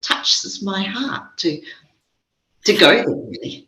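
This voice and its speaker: Bright-voiced New Zealand woman, echoey. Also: mid-range voice, sing-song, slow. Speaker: spiritual teacher guest. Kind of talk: reflective interview conversation. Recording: dull echoey recording.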